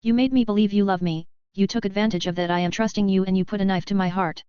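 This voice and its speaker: A woman's voice: medium pitch, fairly even intonation, fast, dark tone, clear, resonant tone, dry recording, lo-fi sound, natural voice. A woman reading a furious, betrayed young queen in an accusing voice. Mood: angry. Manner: angry, accusing.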